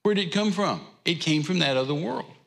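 A man's voice: on the high side, expressive, fairly quick, gravelly, fairly bright tone. A man preaching a sermon, telling a Bible story in a folksy way. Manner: folksy storytelling with drawled asides. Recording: echoey hall reverb.

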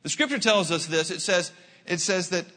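An American man preaching a sermon in a church, telling stories with quick asides and animated delivery. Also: high-pitched, in a large hall. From United States. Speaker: pastor.

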